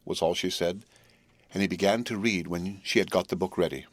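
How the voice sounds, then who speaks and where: Low-voiced male audiobook narrator. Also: brisk, no echo. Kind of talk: scripted narration of a classic novel.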